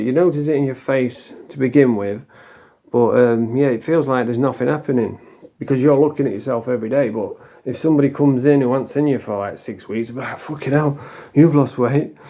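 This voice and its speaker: A man's voice: medium pitch, fairly quick, dark tone. A middle-aged man from England, talking casually and bluntly to camera, rambling and swearing freely. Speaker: vlogger.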